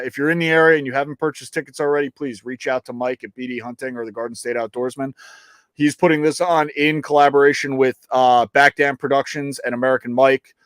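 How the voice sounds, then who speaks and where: A man co-hosting a live outdoors stream, talking loosely with lots of restarts and the odd curse. His voice sits at an ordinary middle pitch. The sound is close and dry, with no room around it. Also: fairly bright tone, clear, resonant tone, no echo. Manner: rambling, joking and swearing, with frequent restarts. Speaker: co-host and producer of a live outdoors show. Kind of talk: casual live-stream chat. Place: New York.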